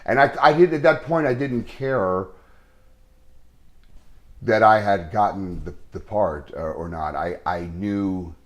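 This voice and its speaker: A man, an actor, telling an earnest and halting story in an interview, full of restarts. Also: deep voice.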